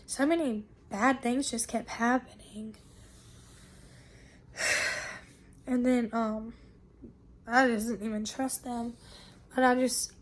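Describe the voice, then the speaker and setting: A young woman, sick with bronchitis, telling viewers a long story in an animated, exasperated way. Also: a little high. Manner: animated retelling, exasperated asides. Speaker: family vlogger.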